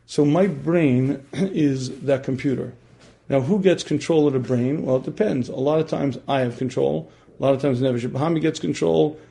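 A man teaching a religious class who often clears his throat and asks his listeners questions. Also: a little high, normal speed, mellow.

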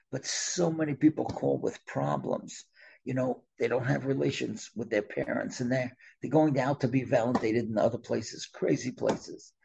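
A middle-aged man telling a story in an animated way, often letting his voice drop soft. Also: medium pitch, creaky, husky. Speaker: storyteller guest. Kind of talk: conversational storytelling.

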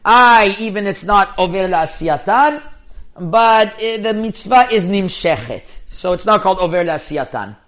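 Man playing a rabbi lecturer, high-pitched and emphatic, talks in rapid bursts with restarts and Hebrew terms. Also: animated, a bit bright. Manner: mixes in Hebrew and yeshiva terms. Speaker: rabbi teaching Jewish law. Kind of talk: Torah lecture.

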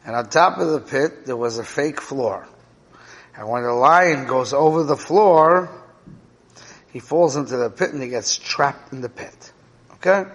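A man's voice: medium pitch, measured pace, fairly bright tone. A man teaching a Torah class and explaining a parable, checking in with his listeners with "right?" and "okay?". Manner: checks in with listeners, 'right?' and 'okay?'. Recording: reverberant hall.

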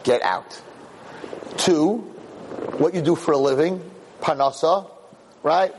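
Animated rabbi teaching a Torah class. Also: male voice, a little high, slow, slight background noise. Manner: animated storyteller, repeats words as he restarts.

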